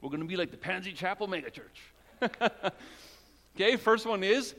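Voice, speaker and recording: A man preaching a sermon as pastor of his church, talking in a casual, joking way and dropping into a soft, low voice when he prays. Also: moderate pace. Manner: conversational and joking, with prayers spoken low and soft. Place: church sanctuary. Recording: long hall reverb.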